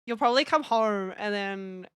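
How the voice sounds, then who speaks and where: A woman's voice: mid-range voice, moderate pace, clean tone, no room sound. A young woman with an Australian accent, chatting casually as a stream host, teasing and giggling often. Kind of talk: casual chat.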